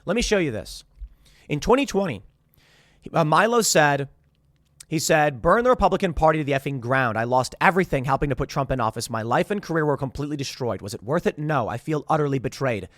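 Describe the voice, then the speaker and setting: In clean, studio-quality audio with no room sound, a male show host in his thirties tells the story of a guest's departure. His voice runs high and a little fast, and his casual commentary to camera rambles, restarts, and breaks into animated quotes of others.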